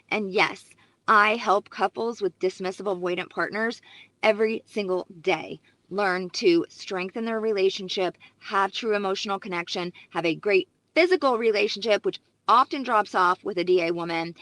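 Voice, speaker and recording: A woman's voice: medium pitch, fairly bright tone, dry recording. A female psychologist who gives relationship advice in an emphatic, explanatory way.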